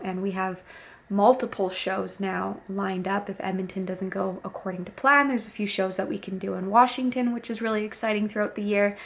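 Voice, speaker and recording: Candid woman with a gravelly edge. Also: medium pitch, steady tone, normal speed, a bit bright. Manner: candid and open, chatty with fillers. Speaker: bikini competitor and fitness coach. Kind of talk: casual vlog talk to viewers.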